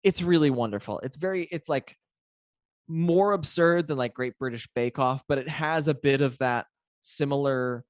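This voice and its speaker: A man's voice: mid-range voice, moderate pace, dry recording. Podcast co-host, male, eager and chatty, dry close recording. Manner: enthusiastic, trailing restarts. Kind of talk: casual chat.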